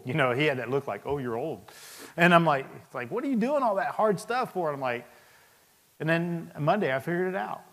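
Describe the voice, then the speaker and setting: Speaking to an audience in a big, echoing hall, this fifties-aged man, the Sergeant Major of the Army and a senior army leader, shares stories from his own life. His pitch sits in the medium range with a fairly bright tone. The delivery is anecdotal and storytelling, dotted with chuckling asides.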